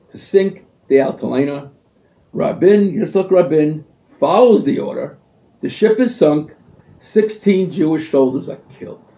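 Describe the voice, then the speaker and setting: Older man, gravelly and mellow, telling a lively story from a distance, dull echoey livestream sound. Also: fairly high pitch. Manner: animated storyteller acting out quotes. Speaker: speaker at a community event. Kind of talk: storytelling speech. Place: event hall.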